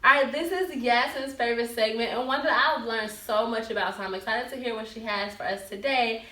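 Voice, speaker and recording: Woman, fashion segment co-host, chatty and upbeat, bright tone, echoey room. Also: on the high side, brisk. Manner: chatty, upbeat advice-giving. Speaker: talk show co-host. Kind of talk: casual fashion-segment chat. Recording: roomy, mic at a distance.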